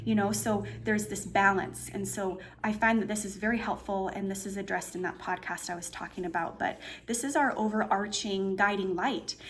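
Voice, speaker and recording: A woman's voice: medium pitch, fairly even intonation, normal speed, few pauses, a little hiss or hum. A woman giving a casual, meandering tarot reading indoors, full of fillers and restarts as she explains the cards. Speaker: tarot reader. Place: indoor room with a painting behind her.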